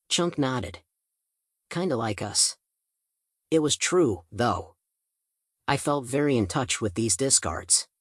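A man's voice: medium pitch, no echo, clean studio sound. A man reading a first-person audiobook, telling the story in a casual, chatty teenage manner. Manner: casual teen-style storytelling. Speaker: audiobook narrator.

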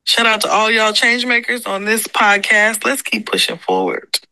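A woman's voice: on the high side, normal speed, bright, forceful tone, smooth, no room sound, low-quality recording. A woman voicing a streetwise AI persona with brash, slangy hype talk. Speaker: AI character played back on the podcast.

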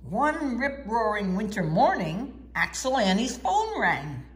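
Lady reading a kids story out loud, sing-songy, takes her time. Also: fairly high pitch, takes it slowly. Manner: expressive, sing-song. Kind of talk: children's book read-aloud.

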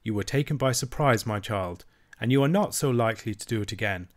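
An ageless fairy grandmother from a storybook, gentle and wise, comforting a child in soft, tender tones, as a man reading aloud puts her on. Her speech is unhurried and kind. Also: mid-range voice, animated, close to an everyday voice. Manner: tender, reassuring.

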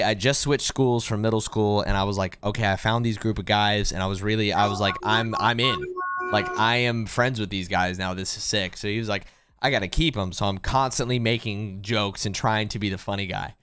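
Among friends on a podcast, a young co-host tells a story with animated energy, acting out the people he quotes again and again. He speaks briskly in a lowish, clean-toned voice with no echo.

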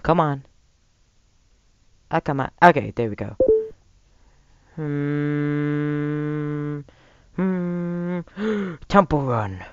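A young man commentating a gameplay video, shouting and laughing between low mutters. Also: animated, drawn-out words, pauses often, clean tone, muffled recording. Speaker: gamer. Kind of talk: let's play commentary.

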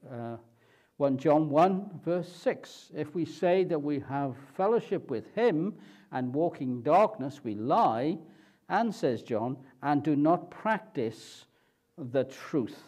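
Man preaching a sermon, slightly higher voice, slow and measured. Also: animated, darkish tone. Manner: slow, deliberate preaching with rhetorical questions.

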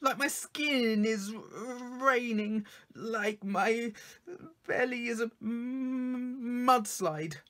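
A man's voice: very high-pitched, extremely slow, a bit bright, pitched above the performer's own voice, full character voice. A man voicing a nervous person who stammers and breaks off mid-word.

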